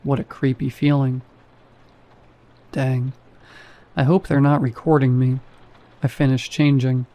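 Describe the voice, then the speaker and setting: A man's voice: mid-range voice, flat delivery, measured pace, long pauses, dark tone. A man narrating a first-person horror story in a dry, wry manner.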